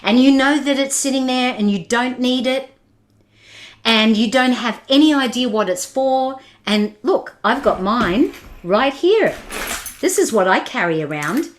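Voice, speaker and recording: Speaking a little slowly in an animated, slightly high voice, this woman delivers a motivational keynote over webinar. She challenges and questions her audience directly and laughs at what they comment.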